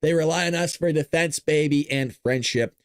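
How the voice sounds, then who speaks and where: With a smooth voice at normal speed, a man hosts a casual political commentary show, cracking jokes, laughing frequently, and breaking into high, silly voices. His energy is animated, and the clean studio sound has no room sound.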